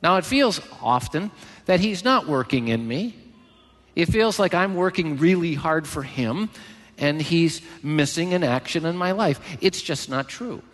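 A male pastor preaching a sermon in church, emphatic and animated, with joking asides. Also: fairly high pitch, a little slow. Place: large church hall. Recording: long hall reverb.

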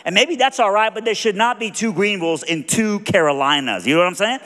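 Animated high-voiced Southern preacher. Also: male voice, brisk. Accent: Southern American. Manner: animated, folksy storyteller acting out other voices. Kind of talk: sermon storytelling. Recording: long reverb of a large hall.

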